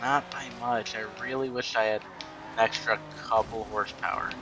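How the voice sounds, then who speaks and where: A man's voice: medium pitch, steady tone, normal speed, over music, low-quality recording. A man giving casual, rambling commentary while playing a racing game, full of ums and restarts. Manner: rambling, many fillers and restarts. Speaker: gaming YouTuber.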